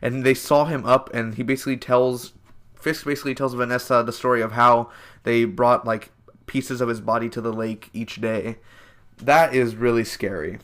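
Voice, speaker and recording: A young man in his twenties talks through a TV episode review in a loose, rambling way. He leans on fillers and corrects himself mid-sentence. He calls his viewers "man" and "guys" with easy enthusiasm, in a voice of ordinary pitch. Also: steady tone, moderate pace, fairly bright tone. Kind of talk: casual spoken review.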